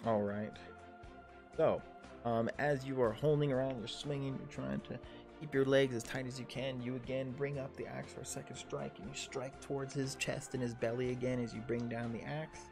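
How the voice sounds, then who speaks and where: Gravelly-voiced man narrating tabletop combat. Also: medium pitch, normal speed, over music. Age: 30s. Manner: vivid, energetic combat narration. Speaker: dungeon master. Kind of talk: livestreamed tabletop game narration.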